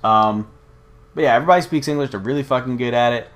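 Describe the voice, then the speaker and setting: A man's voice: medium pitch, fast, fairly bright tone. An American man giving rambling gameplay commentary, swearing often and drifting between stories and the game. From United States. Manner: rambling, profane, easily sidetracked. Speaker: let's play host.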